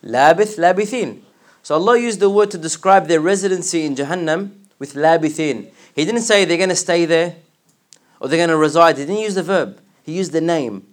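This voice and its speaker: A man teaching a religious class, explaining word by word and asking his students questions, with quick recited verses. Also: on the high side. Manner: recites verses in rapid chant.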